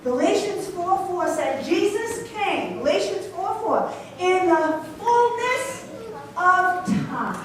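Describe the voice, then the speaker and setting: Woman pastor, high voice, sermon delivery, story-driven, recorded far off in a reverberant church. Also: expressive, takes it slowly, a little hiss or hum. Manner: storytelling, asks congregation questions. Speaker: preacher. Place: church sanctuary. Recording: echoey church from a distance.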